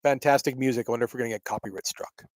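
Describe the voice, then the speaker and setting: A man's voice: mid-range voice, fairly even intonation, rapid-fire, no echo, low-quality recording. A man hosting a casual wrestling chat show, rambling and joking with lots of swearing. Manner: rambling, profane, jokey. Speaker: podcast host.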